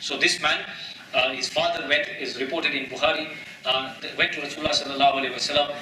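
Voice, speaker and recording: A man delivers a sermon in a mosque, emphatic and full of rhetorical questions. His voice is bright and cutting, and his delivery is quick. He is heard from a distance across an echoing prayer hall. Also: a little high, steady tone, slight background noise. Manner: emphatic, rhetorical questions, repeats phrases, mixes in Arabic and Urdu terms. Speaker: imam giving a mosque talk.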